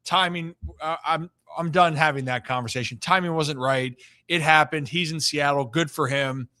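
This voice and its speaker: Bright-voiced man hosting a sports show. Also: a little high, no room sound, studio quality. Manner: opinionated, emphatic, drawn-out stresses. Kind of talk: casual sports talk.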